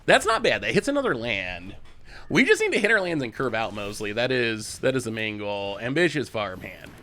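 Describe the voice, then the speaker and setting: A man's voice: medium pitch, big pitch swings, moderate pace, pushed and bright. A man hosting a show, giving casual commentary on a card game as he plays, chatty and laughing often. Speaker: host.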